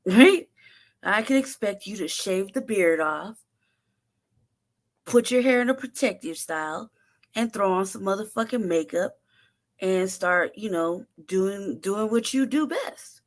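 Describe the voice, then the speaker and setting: A woman host telling a story in a casual, profane, animated way, laughing often and acting out what people said. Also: mid-range voice, unhurried. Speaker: show host.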